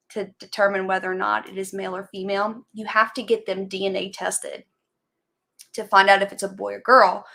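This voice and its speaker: A woman with a medium-pitched, creaky, fairly bright voice hosts a casual live stream. She chats in a rambling way and greets viewers by name as they join.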